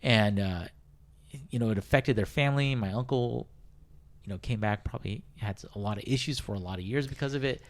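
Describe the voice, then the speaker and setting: A man's voice: lowish voice, fairly quick. A man on a comics podcast, chatting casually and telling a long story with many restarts and fillers. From Hispanic, worked in San Diego. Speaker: podcast co-host. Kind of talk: casual chat.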